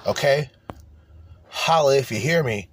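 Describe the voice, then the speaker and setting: A man's voice: mid-range voice, lively intonation, unhurried, slightly rough. A man hosting a solo podcast, ranting profanely and breaking into mocking voices. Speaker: podcast host.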